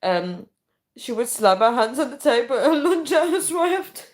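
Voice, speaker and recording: A woman's voice: sits high, sing-song, normal speed. Chatty laughing woman livestreamer. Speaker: livestream host. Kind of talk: casual livestream chat reading comments.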